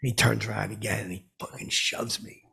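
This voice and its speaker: A man's voice: fairly low pitch, little pitch movement, fairly quick, pushed and bright, full character voice. A man putting on a clueless, lonely, brash oddball, telling a rambling comedic story full of fillers and restarts. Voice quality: gravelly, husky. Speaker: comedic podcast host in character.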